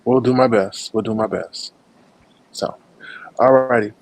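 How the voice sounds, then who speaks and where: A man hosting a casual online chat show in a relaxed, drawling way, saying y'all. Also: mid-range voice, unhurried, creaky, a little hiss or hum. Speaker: host.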